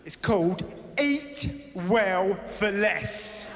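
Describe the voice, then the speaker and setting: Sardonic British stand-up comedian. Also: male voice, high voice, expressive, extremely slow, long reverb tail, noisy background. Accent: British English. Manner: sardonic, rambling. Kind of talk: stand-up routine. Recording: live venue with loud crowd.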